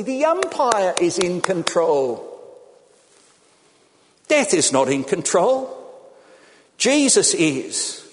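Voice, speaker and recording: High-voiced guy preaching, swoops up and down a lot, acts out all the quotes. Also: big pitch swings, slow, long pauses. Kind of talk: sermon. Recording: long hall reverb.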